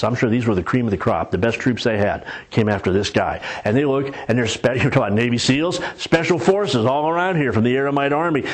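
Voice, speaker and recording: A man's voice: mid-range voice, husky. A man preaching a sermon in a conversational, storytelling way with folksy humor.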